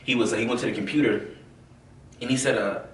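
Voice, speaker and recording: A man from the American South telling his own story in a casual, animated way, full of fillers and acted-out quotes. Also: mid-range voice, brisk, slight background noise. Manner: animated, acts out quoted voices, many fillers. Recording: roomy, from a distance.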